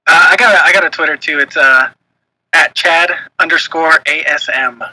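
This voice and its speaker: A young man co-hosting a casual chat, his tone very sharp and tense and a little high for a man. He talks bluntly and with emphasis, and he swears freely. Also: moderate pace, slightly rough, no room sound, low-quality recording. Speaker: podcast co-host.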